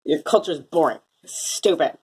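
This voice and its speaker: A young woman telling a rambling story in a casual vlog, full of "like" fillers and quick laughing asides. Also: low-pitched, darkish tone, husky. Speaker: vlogger. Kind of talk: casual chat, recounting a dream. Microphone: phone.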